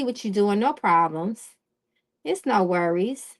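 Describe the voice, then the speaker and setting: A woman's voice: medium pitch, expressive, a little slow. A woman hosting a live-stream tarot reading who talks in a direct, casual way. She often checks in with "okay?" and greets viewers in the chat.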